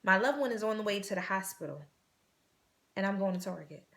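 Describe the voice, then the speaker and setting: A woman hosting a vlog tells a personal story earnestly but haltingly, repeating phrases and sometimes dropping to a hush. Her voice is mid-range and expressive.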